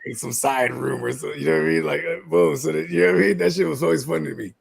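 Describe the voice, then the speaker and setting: Gravelly animated man chatting. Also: on the high side, quick pace. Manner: animated, acts out movie lines, swears a lot. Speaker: podcast co-host. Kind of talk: casual chat.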